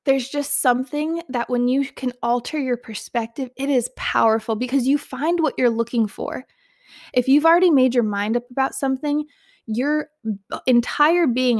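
A woman's voice: a little high, a little mellow, no echo, clean studio sound. A mother sharing a faith testimony in an earnest, encouraging way, speaking straight to her listeners. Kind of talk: heartfelt personal testimony.

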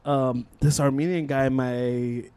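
A young podcast co-host tells a school story in casual chat, animated and swearing heavily while acting out the voices of the people involved. His mid-range voice is clear and resonant, a little slow.

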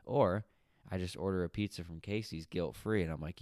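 A low-pitched man hosts a solo podcast and talks loosely and conversationally. He meanders through his story with fillers and side comments. The sound is close and dry, with no room around it. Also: fairly quick, darkish tone, no echo. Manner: chatty, rambling with fillers and asides. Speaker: podcast host.

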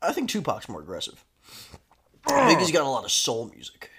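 A man's voice: medium pitch, huge pitch swings, brisk, a crowd in the background. A man hosting a comedy podcast in casual chat, who reads chatbot replies aloud and keeps breaking into hard laughter. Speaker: podcast host.

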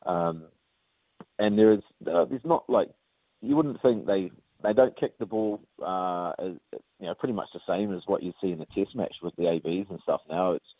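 Over a phone line, a Kiwi-accented rugby player rambles through a casual interview, full of fillers and addressing the host as mate. He has a deep voice at normal speed, and the recording is dry.

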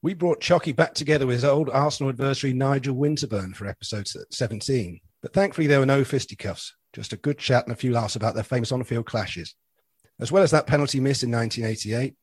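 Husky-voiced male podcast co-host, dry sound. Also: medium pitch, fast talker, no echo. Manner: asks short prompting questions. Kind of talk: casual chat and scripted intro.

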